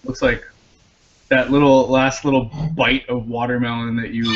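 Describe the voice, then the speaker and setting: Easygoing male cook, mid pitch, fillers, lo-fi stream sound. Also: normal speed. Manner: relaxed, describes flavors with fillers. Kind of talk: casual food description. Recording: dull lo-fi stream audio.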